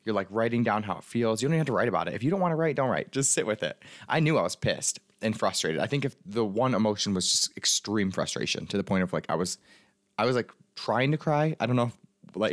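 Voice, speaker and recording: A man with a fairly low voice rattles through a personal story at a quick clip. He talks casually, a life coach who keeps acting out his own past thoughts. The speech is loose and full of fillers. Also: dry recording, studio quality. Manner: fast, chatty, filler-heavy, animated retelling.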